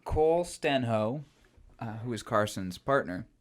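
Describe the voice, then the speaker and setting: A man's voice: medium pitch, expressive, a little slow. A man co-hosting a film podcast in casual chat, talkative and hesitant, often slipping into playful quoted voices. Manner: chatty, hesitant with fillers, breaks into playful voices. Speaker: podcast co-host. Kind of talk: casual chat about films.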